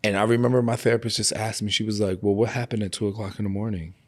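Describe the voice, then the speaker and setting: Deep-voiced man in his forties, interview guest; candid, emotional, casual filler-heavy delivery. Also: flat delivery, a little mellow. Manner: emotional, open, slows on heavy moments.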